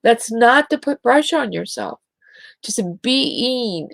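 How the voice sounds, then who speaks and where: A middle-aged woman with a gravelly edge to her voice talks in an unhurried, drawn-out way, gently encouraging her listeners. The sound is close and dry, with no room around it. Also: fairly high pitch, animated, no room sound. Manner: gentle, encouraging, drawn-out delivery with soft giggles. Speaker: spiritual show host. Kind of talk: slow inspirational talk to listeners.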